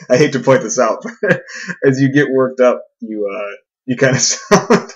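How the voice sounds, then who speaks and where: A man's voice: mid-range voice, a little slow, breathy edge, muffled recording. A man hosting a podcast, telling a casual, self-deprecating story with many fillers and restarts. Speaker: podcast host.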